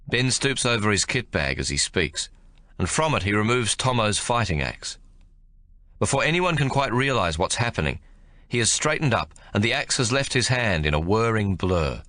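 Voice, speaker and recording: A male audiobook narrator tells the story with animated pitch and a forward, bright voice. His voice sits fairly low. The recording is close and dry. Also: moderate pace, dry recording. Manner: expressive storytelling with lively pitch. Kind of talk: scripted narration.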